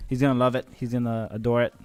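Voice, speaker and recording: A man casually commentating an esports match on his live stream, joking and swearing, with bursts of excited shouting. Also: medium pitch, quick pace, smooth, no room sound.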